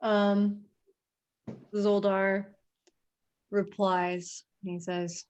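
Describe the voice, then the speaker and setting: A woman narrating a tabletop game as game master, relaxed and chatty, with frequent ums. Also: mid-range voice, a little slow, dull audio.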